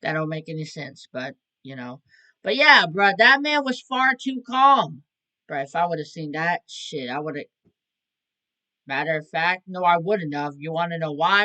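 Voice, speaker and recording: A young man commenting on a video he is watching. He keeps swinging his bright voice up and down as he rants in disbelief, swearing and stopping himself mid-thought. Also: on the high side, a little slow. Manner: excitable, incredulous, swears, talks over the clip. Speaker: reaction video host. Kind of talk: casual reaction commentary.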